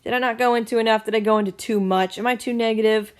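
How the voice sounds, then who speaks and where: A woman hosting her own channel, giving a casual solo film review in a blunt, opinionated way, with frequent ums and quick self-corrections. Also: on the high side, fairly even intonation, clean tone.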